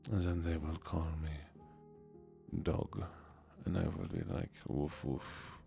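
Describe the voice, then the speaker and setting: Gravelly whispering male streamer. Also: deep voice, level tone, a little slow, soft background music. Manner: soft whispering, playful chatter to viewers. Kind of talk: whispered role-play.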